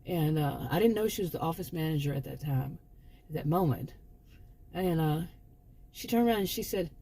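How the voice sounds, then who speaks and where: Woman, mellow husky voice, casual rambling storytelling, restarts often. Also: sits low, animated, normal speed. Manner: chatty, rambling, with frequent restarts. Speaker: channel host, former sociology teacher.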